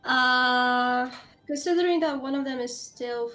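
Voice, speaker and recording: Woman game master, unhurried delivery, laughs easily. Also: high-pitched, bright, forceful tone, soft background music. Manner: laughs often while narrating. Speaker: dungeon master. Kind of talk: running a tabletop game.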